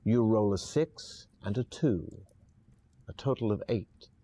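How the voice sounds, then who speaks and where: A man narrating a fantasy adventure game in the second person, calm and even. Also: lowish voice, takes it slowly.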